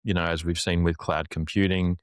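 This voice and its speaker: A man's voice: deep voice, level tone, fairly quick, clean tone, no room sound, studio quality. A man who is a guest on a business chat, laying out his points analytically in long lists that build up.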